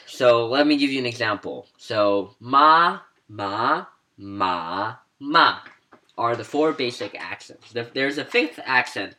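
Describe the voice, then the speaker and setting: A man's voice: lowish voice, fairly bright tone. A man giving a casual spoken lesson, explaining sounds and demonstrating each one aloud with a few fillers. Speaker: language teacher.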